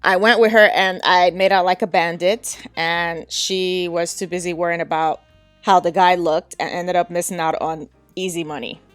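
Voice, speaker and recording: A woman's voice: lowish voice, fairly even intonation, moderate pace, fairly bright tone, no echo, faint music behind. A woman podcast host telling a frank, casual story and laughing often.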